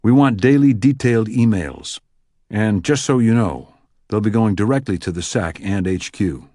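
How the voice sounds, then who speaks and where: A man voicing a gruff, sarcastic FBI supervisor in an audiobook, brisk and clipped. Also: fairly low pitch, dark tone, no room sound, clean studio sound, natural voice. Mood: sardonic. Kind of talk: audiobook character voice.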